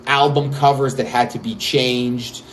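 A man's voice: medium pitch, flat delivery, unhurried, a little hiss or hum. A man hosting a casual podcast, laughing often and rambling with many fillers. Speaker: podcast host.

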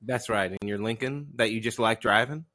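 Man co-host, bright voice, stammers through mock interview questions. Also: on the low side, fairly quick, no room sound, studio quality. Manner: plays the straight-faced interviewer, stammers, breaks into laughter. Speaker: comedy podcast co-host. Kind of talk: improvised comedy interview.

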